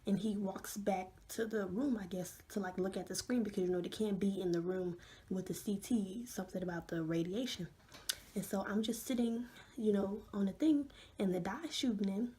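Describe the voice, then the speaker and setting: A young woman vlogger telling an animated story with many fillers, often dropping to a hush. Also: mid-range voice, moderate pace. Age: young adult. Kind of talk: storytime vlog.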